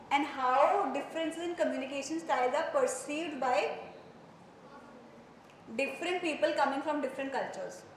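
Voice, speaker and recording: A woman's voice: sits high, a bit bright. A woman with an Indian accent giving a psychology lecture in a classroom, talking conversationally and quizzing her students with questions. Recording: echoey classroom with faint room noise.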